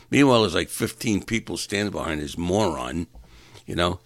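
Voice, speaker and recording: Exasperated deep-voiced comic ranting. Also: male voice, animated, normal speed, dry recording. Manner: exasperated, ranting, repeats words when stuck. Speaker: stand-up comedian. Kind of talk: rambling comic monologue.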